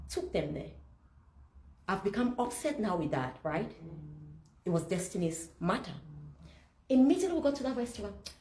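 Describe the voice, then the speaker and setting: A woman's voice: deep voice, animated, brisk, mellow. Woman, sermon-like teaching talk, preaching style, rhetorical questions, echoey event room. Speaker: speaker leading a masterclass. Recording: roomy hall with faint background noise.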